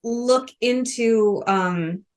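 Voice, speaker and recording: Drawing out her words in a fairly high-pitched voice, a woman from the Missouri Ozarks co-hosts a podcast. She talks about a book in a casual, rambling way, full of fillers.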